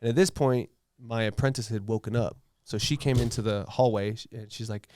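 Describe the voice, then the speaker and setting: A man's voice: fairly low pitch, fairly even intonation, a little fast, dark tone, no room sound, clean studio sound. A man telling a personal story in casual podcast chat, blunt and laid-back, with lots of fillers and swearing. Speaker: tattoo artist guest.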